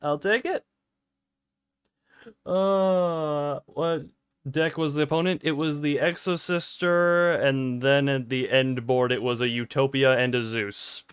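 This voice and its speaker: Male game streamer, casual and rambling, pokes fun at himself, smooth clear voice. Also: a little high, steady tone, slow, no echo. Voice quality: playful, rambling, self-mocking. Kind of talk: casual livestream chat while gaming. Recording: dry close mic with faint game music.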